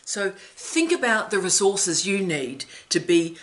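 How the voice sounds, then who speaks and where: A woman's voice: mid-range voice, sing-song, unhurried, few pauses, fairly bright tone. A middle-aged woman hosting an academic advice vlog, speaking emphatically and theatrically with laughs between phrases.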